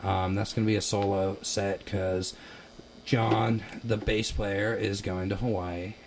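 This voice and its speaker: A young man from Ohio, a musician guest, telling stories in a casual chat, animated and laughing, loudly acting out quotes. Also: lowish voice, a little slow, a little hiss or hum. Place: basement.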